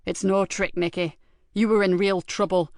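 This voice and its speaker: A woman's voice: mid-range voice, fairly even intonation, moderate pace, creaky, a little mellow, no echo, close to an everyday voice. A woman voicing a blunt, weary police superintendent. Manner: blunt, dry, fatherly. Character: gruff male police superintendent, weary but loyal. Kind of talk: audiobook character voice.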